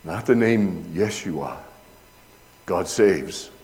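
A man preaches slowly and deliberately in a lowish voice, working through Greek words before building to loud, emphatic peaks. His voice rings with a long reverb, as if he is in a large hall. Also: animated. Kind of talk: sermon with Greek word study.

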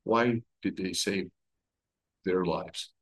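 A man leading a conversational Bible study, retelling the story with lively everyday comparisons. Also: deep voice, takes it slowly, husky, rough recording. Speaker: Bible teacher.

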